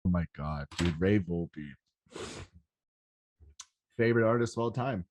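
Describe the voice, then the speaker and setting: Excitable swearing rave podcast host. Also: male voice, sits low, a little slow, slight background noise. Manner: excitable, swears a lot, rambling and animated. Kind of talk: casual solo podcast recap.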